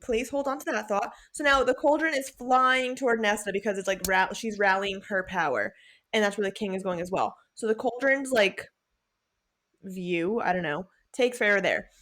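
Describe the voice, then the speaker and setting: Medium in pitch and normal in pace, this young woman's voice carries a casual podcast book recap she co-hosts. She swears freely, stays animated, and acts out what the characters say.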